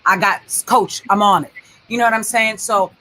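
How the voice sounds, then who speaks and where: Woman, interview host, middle pitch, bright forceful tone, chatty, encouraging. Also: steady tone, normal speed, slight background noise. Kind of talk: casual interview chat.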